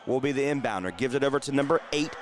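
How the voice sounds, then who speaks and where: A man calling live basketball play-by-play from a community center gym, rattling off the action and getting excited on big plays. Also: mid-range voice, racing, a little hiss or hum. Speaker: play-by-play announcer.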